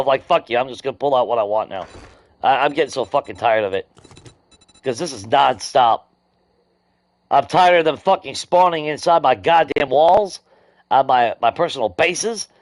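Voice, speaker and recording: A man streaming a video game, ranting angrily about glitches with constant swearing. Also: fairly high pitch. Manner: angry ranting, heavy swearing. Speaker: gaming streamer. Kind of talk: live gameplay stream commentary.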